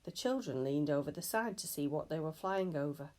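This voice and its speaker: Low-voiced woman reading a story. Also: expressive, fairly quick, a little mellow. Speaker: storybook reader. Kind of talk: reading a children's novel aloud.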